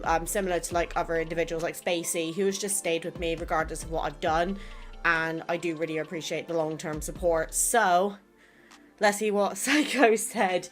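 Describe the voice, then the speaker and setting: Chatty English woman with a soft transatlantic twang. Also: lowish voice. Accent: English West Country with some American. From England. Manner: chatty, rambling, self-doubting. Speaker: gaming YouTuber. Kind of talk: casual chat reading viewer comments.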